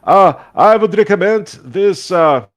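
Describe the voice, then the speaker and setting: A man putting on a cheery, higher-voiced goo shopkeeper. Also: animated, unhurried. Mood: chummy. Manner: courtly, fumbling, hesitant. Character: purple male gelatinous goo shopkeeper, chummy and jokey.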